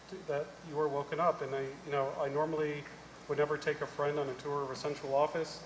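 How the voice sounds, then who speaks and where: A middle-aged man on a conference panel, telling an animated story and acting out the people in it. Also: a little high, quick pace, a little hiss or hum. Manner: animated anecdote-telling, acting out quoted voices. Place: large conference hall. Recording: echoey hall, live panel mic.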